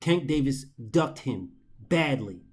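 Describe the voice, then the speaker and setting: A man's voice: mid-range voice, expressive, slow, darkish tone, breathy edge. A man hosting a boxing commentary show, ranting in an exasperated, profane way and hammering points through repetition.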